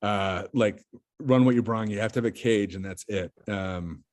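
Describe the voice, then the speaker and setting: A man talking casually as a podcast guest, his voice sitting a little low. He rambles through a long story with frequent fillers and restarts, speaking in loose chat. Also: normal speed.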